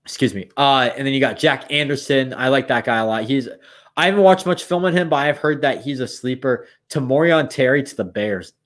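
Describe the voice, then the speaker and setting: A man's voice: mid-range voice, brisk. Tired young man thinking aloud. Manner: thinks aloud, rambling with restarts. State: yawning, tired. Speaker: streamer running mock drafts. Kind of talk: casual live-stream commentary.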